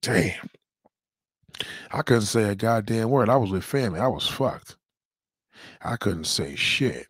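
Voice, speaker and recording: A man hosting a livestream, ranting loudly and profanely, rambling and repeating his catchphrases. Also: on the low side, lively intonation, unhurried, pauses often, husky, no echo, clean studio sound. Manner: loud, rambling, repeats catchphrases, heavy swearing. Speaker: livestream host.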